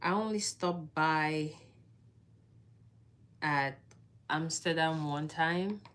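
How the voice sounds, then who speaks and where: A woman hosting a casual livestream, chatting with viewers and answering their comments, laughing often. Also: sits low. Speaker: livestream host.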